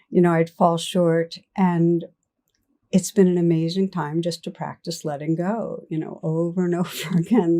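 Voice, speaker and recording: An older woman giving a reflective meditation talk, gently telling stories and laughing softly. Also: on the low side. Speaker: meditation teacher. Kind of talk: dharma talk.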